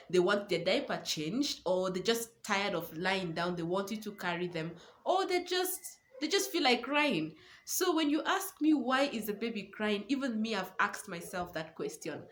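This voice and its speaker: A woman's voice: medium pitch, a bit bright, slight background noise. A young woman, a new mother and parenting coach, giving earnest advice to camera and repeating words for stress. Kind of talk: casual advice talk to camera.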